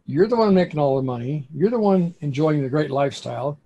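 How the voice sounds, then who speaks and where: A man who is a construction accounting expert, talking in an animated interview and telling stories with dramatic bursts of emphasis. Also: fairly high pitch, fairly quick, creaky, dull audio.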